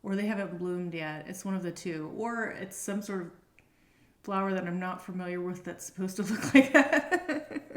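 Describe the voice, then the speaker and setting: A woman's voice: on the low side, normal speed. Chatty woman doing a tarot reading. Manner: chatty and meandering, thinking aloud. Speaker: tarot reader. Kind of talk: casual tarot reading to camera. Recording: roomy echo.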